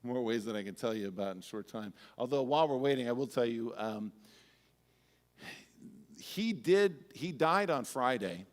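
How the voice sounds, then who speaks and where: A man's voice: mid-range voice, expressive, normal speed. Man preaching in an echoing sanctuary. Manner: conversational, personal storytelling with humor. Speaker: pastor. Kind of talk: sermon. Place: church sanctuary. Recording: church sanctuary with long reverb.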